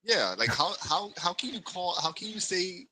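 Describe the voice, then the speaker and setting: A man's voice: sits high, sing-song, moderate pace, pushed and bright, a little hiss or hum, poor audio. A man hosting a casual gaming podcast, blunt and opinionated. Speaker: podcast host. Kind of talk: casual chat.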